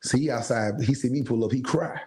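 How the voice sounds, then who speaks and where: A man, a singer guest, telling stories in an animated, casual way, acting out the voices he quotes in streetwise slang. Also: mid-range voice, brisk, low-quality recording. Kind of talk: casual storytelling.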